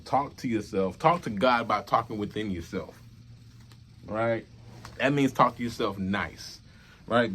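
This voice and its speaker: A young man talking to his viewers in a loose, repetitive monologue, murmuring low and then bursting out loud to make a point. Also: husky. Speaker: vlogger. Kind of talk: casual rambling monologue.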